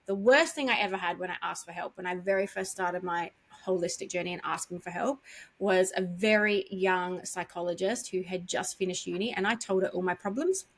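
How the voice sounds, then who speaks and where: A woman's voice: fairly low pitch, fairly quick. A woman hosting a podcast, chatting earnestly and reassuringly with her guest. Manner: earnest, reassuring, many fillers. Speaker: podcast host. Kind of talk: conversational interview chat.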